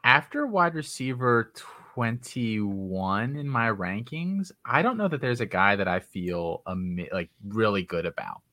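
A man's voice: fairly low pitch, lively intonation, a little slow, hardly any pauses, pushed and bright, dry recording. A man on a group call laying out how the group will sort and rank players, in a casual, organizing way. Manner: organizing, explains the plan. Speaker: fantasy football analyst. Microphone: online call.

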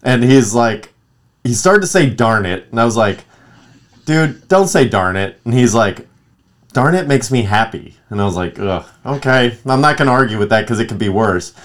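A man's voice: medium pitch, moderate pace. A man in his thirties chatting casually as a podcast co-host, telling stories animatedly and acting out what others said. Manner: animated storyteller, acts out quotes. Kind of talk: casual chat.

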